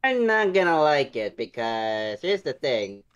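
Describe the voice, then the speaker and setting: Young male co-host, smooth and lively voice, apologetic, hesitant. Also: mid-range voice, highs cut off. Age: young adult. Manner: sheepish, apologetic, halting. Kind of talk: casual chat.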